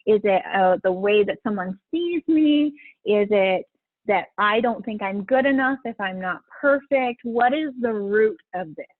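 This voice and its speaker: A woman's voice: mid-range voice, animated, measured pace, no room sound. A middle-aged woman hosting a live coaching session, chatty and encouraging, laughing often as she talks to her group. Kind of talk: casual live-stream coaching talk. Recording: husky voice over a tinny phone-like line.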